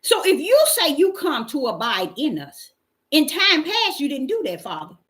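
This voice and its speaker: A woman's voice: sits high, wildly swooping pitch, moderate pace, a bit bright. A woman, preaching an informal, fervent sermon and reading Bible verses aloud. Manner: fervent, call-and-response exclamations, Bible reading. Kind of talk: informal street-style sermon.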